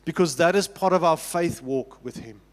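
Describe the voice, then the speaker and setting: In a church sanctuary, a pastor with a South African accent and a voice on the high side preaches at a normal speed, with the long reverb of the hall audible. He talks easily and conversationally with the congregation, often restarting and asking them questions.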